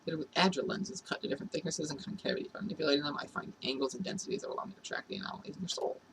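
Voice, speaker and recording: A man's voice: on the high side, very fast, gravelly, a bit bright. A man playing through a role-playing game and reading its dialogue aloud. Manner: reads every character's lines himself. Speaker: let's play narrator. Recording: distant mic, noisy room.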